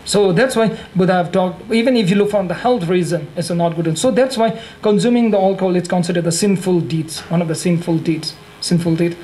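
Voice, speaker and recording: Tibetan-accented male monk, higher voice, halting and self-correcting, light laughter, faint hiss behind. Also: a little mellow, poor audio. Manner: halting, repeats and corrects himself, laughs often. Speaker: Buddhist monk teacher. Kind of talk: dharma teaching with humor. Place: teaching hall.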